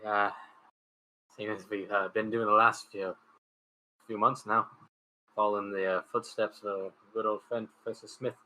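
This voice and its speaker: A man playing in a tabletop game, lively and joking, with casual swearing. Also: lowish voice, moderate pace, pauses often, slight background noise, poor audio. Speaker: player.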